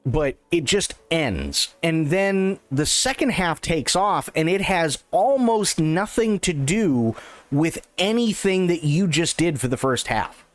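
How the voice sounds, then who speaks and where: A man's voice: fairly high pitch, expressive, slow pace, dry recording, soft background music. A man hosting a livestream, giving casual reaction commentary, repeating himself and stumbling over restarts. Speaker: livestream host reacting to an interview.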